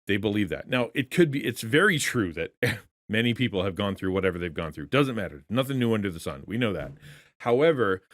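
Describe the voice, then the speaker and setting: A man's voice: lowish voice, expressive, brisk, fairly bright tone, dry recording. A man coaching content creators in a conversational teaching session, earnest in tone, often restarting words and asking rhetorical questions.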